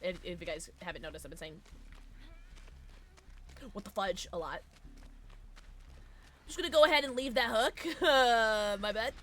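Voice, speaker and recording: A young woman live-streams a game and chats with her viewers in a giggly, chatty way. Her bright voice bounces up and down a lot. There is faint noise behind her. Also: mid-range voice, lively intonation, moderate pace, pauses often. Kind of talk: casual gaming stream chat.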